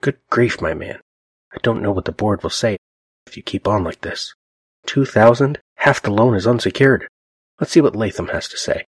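A man's voice: fairly low pitch, normal speed, husky, no echo. A man voicing a fussy, disapproving older male bank officer who scolds in a raised, exasperated voice.

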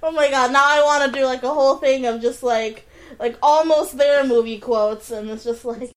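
A woman's voice: high voice, steady tone, moderate pace. A woman co-hosting a casual film podcast, who gets set off laughing easily. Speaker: podcast co-host.

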